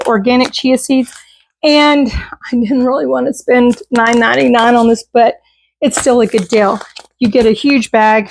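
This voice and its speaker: A middle-aged woman chatting casually about a grocery haul at home, self-deprecating and quick to laugh, with plenty of restarts. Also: sits high, a little hiss or hum. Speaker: vlogger showing a grocery haul. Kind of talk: casual chat.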